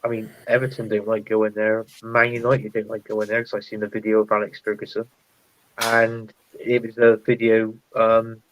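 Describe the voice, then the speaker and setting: A man's voice: on the low side, completely flat delivery, moderate pace, slight background noise, poor audio. A man on a football podcast panel, chatting casually and telling anecdotes over a video call. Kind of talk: casual chat.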